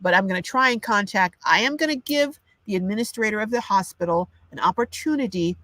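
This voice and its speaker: A woman's voice: medium pitch, a little fast, fairly bright tone, no room sound. An older woman hosting a live chat, ranting with indignation and reading out viewer comments. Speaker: livestream host. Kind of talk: casual livestream chat.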